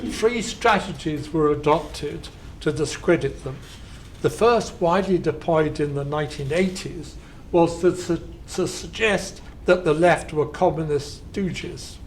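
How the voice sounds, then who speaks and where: A man's voice: fairly high pitch, a little hiss or hum. Man giving a scripted keynote lecture. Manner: reads quoted headlines slowly and with emphasis, dry asides. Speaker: keynote speaker. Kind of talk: academic lecture read from a script. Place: conference lecture hall.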